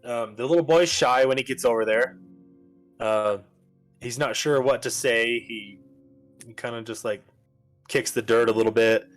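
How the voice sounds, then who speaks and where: A man narrating a tabletop game as game master in a loose, rambling way, with plenty of fillers. His pitch sits in an ordinary middle range. Faint music plays underneath. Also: normal speed, pauses often. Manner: casual, rambling, full of fillers.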